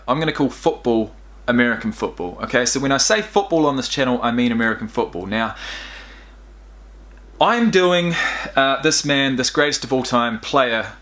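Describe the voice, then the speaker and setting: A man's voice: medium pitch, lively intonation, moderate pace, fairly bright tone. A young man hosting a reaction video, talking straight to his viewers in a rambling, emotional way. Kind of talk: casual reaction commentary.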